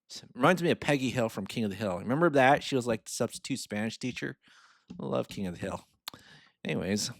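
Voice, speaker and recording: A man's voice: medium pitch, no echo, clean studio sound. A man in a casual walkthrough of loan calculations, rambling and chuckling at himself as he goes. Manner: rambling, self-amused, chuckles often. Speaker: finance mentor. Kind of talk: casual screen-share walkthrough.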